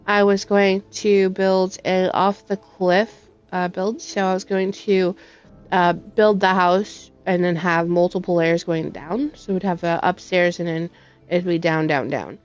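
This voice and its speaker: A woman's voice: lowish voice, little pitch movement, a little slow, clear, resonant tone. Woman, gaming host, rambling casual commentary full of fillers. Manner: rambling with frequent ums.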